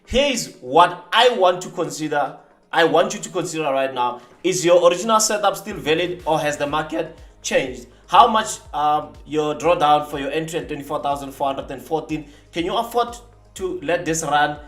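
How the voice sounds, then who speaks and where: A man hosting a live trading stream, talking casually and boastfully while demonstrating software. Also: a little high, moderate pace, echoey room, faint music behind. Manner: animated, boastful, teasing rivals.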